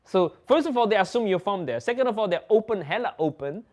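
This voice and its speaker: Lively Dutch guy with a slightly high voice, chatty livestream host who laughs a lot. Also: fast. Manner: animated, laughs often, acts out other people's lines. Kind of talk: casual storytelling.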